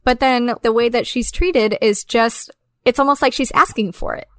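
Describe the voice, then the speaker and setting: A woman talking casually about a film, animated and laughing, swearing freely. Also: fairly high pitch, normal speed, no room sound.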